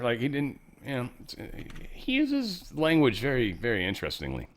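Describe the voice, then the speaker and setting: A man in the host's chair talks through the day's news in a loose, rambling way. He piles up fillers and restarts as he goes, and his voice sits at an ordinary pitch. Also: huge pitch swings, normal speed, hardly any pauses. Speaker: show host. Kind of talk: casual political commentary.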